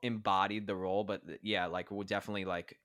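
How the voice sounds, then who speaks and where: A man's voice: sits low, flat delivery, quick pace, fairly bright tone, no echo, clean studio sound. A man co-hosting a podcast, chatting casually about a movie with lots of filler words and restarts. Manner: rambling, filler-heavy, lots of 'like'. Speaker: podcast co-host. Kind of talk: casual movie review chat.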